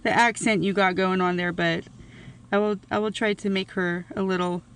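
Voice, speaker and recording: A woman's voice: mid-range voice, fairly even intonation, normal speed, a bit bright, clean tone. Easygoing woman podcast co-host. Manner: easygoing, laughs often. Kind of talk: casual chat.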